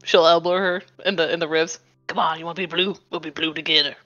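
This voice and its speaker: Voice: medium pitch, steady tone, fast, bright, forceful tone, dull audio. A tabletop role-play player who speaks in a brash, teasing way and describes her character's actions. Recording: faint music behind.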